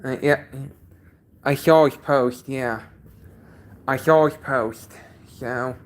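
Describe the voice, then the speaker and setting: A man's voice: medium pitch, fairly even intonation. A man chatting casually on his own livestream from a basement, sounding congested and often repeating himself as he talks. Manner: halting, repeats each sentence. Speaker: livestream host.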